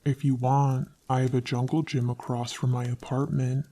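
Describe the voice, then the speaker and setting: A woman voicing a soft-spoken, creepy young man in a narrated horror story, speaking in a quiet, hushed voice. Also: rumbling low, flat delivery, moderate pace, voice pushed down. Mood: soft, unsettling.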